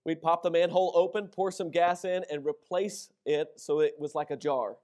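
Middle-aged male pastor, fairly high voice, lively storytelling sermon. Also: normal speed. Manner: animated storytelling, acts out shouted quotes. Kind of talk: sermon with personal stories.

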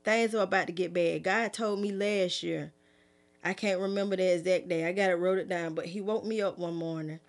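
A middle-aged woman preacher, talking in a relaxed, conversational way after a prophetic sermon. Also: a little fast. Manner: fervent, pleading, raised pitch at first. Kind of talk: prophetic sermon, then casual talk.

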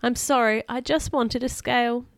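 A woman voicing a clever, kind young female dinosaur, speaking gently and earnestly in a storybook reading. The voice is smooth and clear. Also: a little high, fairly even intonation, moderate pace, no echo, clean studio sound, natural voice.

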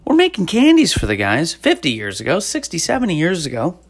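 A woman's voice: low-pitched, wildly swooping pitch, brisk, breathy edge. Profane rambling woman podcaster. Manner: rambling, profane, sarcastic ranting. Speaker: podcast host; former stand-up comic. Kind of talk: casual podcast monologue.

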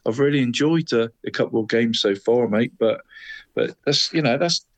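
A man's voice: medium pitch, moderate pace, dry recording. A man co-hosting a casual football chat, rambling and saying "mate" in nearly every line. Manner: chatty, says "mate" constantly, rambling restarts. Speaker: co-host.

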